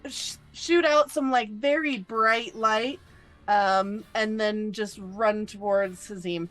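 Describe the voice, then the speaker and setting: A woman's voice: mid-range voice, slow, a bit bright, faint music behind. A woman playing a tabletop game, describing her character's actions hesitantly with many fillers. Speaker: player. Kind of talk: casual tabletop game play.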